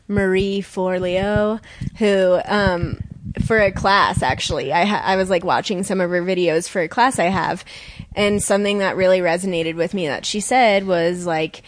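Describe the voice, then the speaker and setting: A woman's voice: lowish voice, no room sound. A young woman chatting casually as a podcast co-host, earnest and rambling, with many filler words and restarts. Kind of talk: casual conversation.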